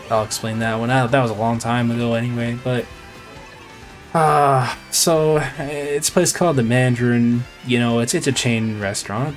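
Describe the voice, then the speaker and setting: Rambling man telling a story on stream. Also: medium pitch. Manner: rambling, with many fillers and restarts. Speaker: live streamer. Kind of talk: casual storytelling to stream chat.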